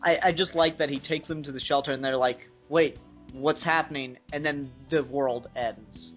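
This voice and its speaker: Chill guy rambling through a movie theory, lots of ums, mid-pitched voice. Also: normal speed, soft background music. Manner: relaxed, rambling, many fillers and laughs. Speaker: podcast co-host. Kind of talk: casual film discussion.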